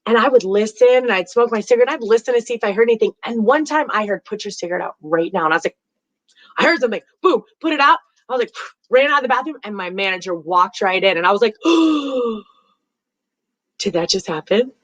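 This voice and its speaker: A woman hosting a live stream, telling stories in a chatty, animated way and giving psychic readings to callers. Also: a little high, fast talker, no echo, rough recording. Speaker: host and psychic reader.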